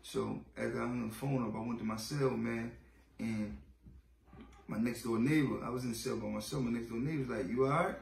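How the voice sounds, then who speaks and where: A man's voice: medium pitch, steady tone, fairly quick, vocal fry, a little mellow, distant mic, slight background noise. A man in his late thirties, a podcast interview guest, telling his story in blunt, profane street talk and acting out the voices of others. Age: 30s. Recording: roomy echo, off-mic, faint ambience.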